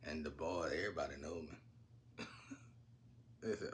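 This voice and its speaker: A man's voice: rumbling low, moderate pace, a little hiss or hum. A man telling stories in a casual, rambling way, laughing often and using slang. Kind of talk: casual storytelling.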